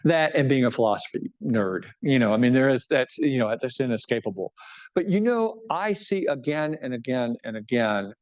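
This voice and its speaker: Here a middle-aged man who is a bishop talks informally about his book at a book talk with audience questions, his voice medium in pitch and his speed normal. He's lively and conversational, often starting sentences over and tagging on "right?"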